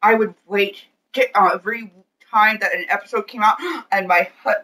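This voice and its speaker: A woman co-hosting a casual chat, playful and excitable, teasing her husband. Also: mid-range voice, normal speed, recorded from a distance. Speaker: co-host.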